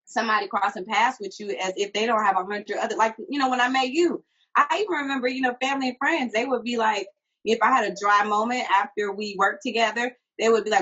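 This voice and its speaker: Eager husky woman hosting an interview. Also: on the high side, steady tone, brisk, a bit bright. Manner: admiring, eager questions. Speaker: show host. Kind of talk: interview chat. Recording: dull lo-fi audio.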